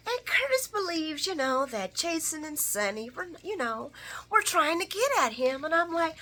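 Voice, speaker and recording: Lively, bright-voiced woman recapping soaps. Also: high voice, normal speed. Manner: animated, laughing, talks back to characters. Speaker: soap opera recap host. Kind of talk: casual recap chat.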